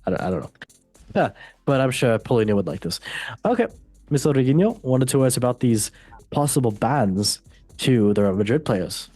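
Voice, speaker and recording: A man's voice: mid-range voice, animated, normal speed, darkish tone, no room sound, faint music behind. A man hosting a casual football podcast, playful and goofy, joking at his own expense. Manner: goofy, playful, self-mocking. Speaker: host.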